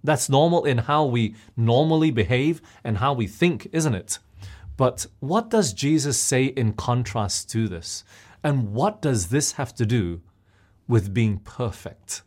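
A man's voice: medium pitch, lively intonation, a little slow, darkish tone. A man preaching a sermon, often putting questions to his listeners.

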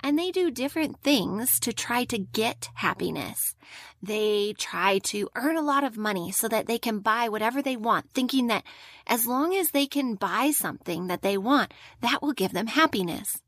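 A woman teaching a Bible lesson to children, gentle and slowing down for emphasis, often asking questions. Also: a little high, lively intonation, no room sound, clean studio sound. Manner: gentle, slow and emphatic on key points, asks the listeners questions.

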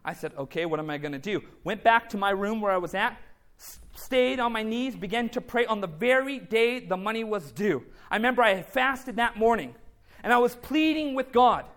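High-voiced man telling a faith testimony. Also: lively intonation, moderate pace, fairly bright tone. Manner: storytelling with reported dialogue, calls to the congregation. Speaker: speaker giving a faith testimony. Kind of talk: testimony sermon.

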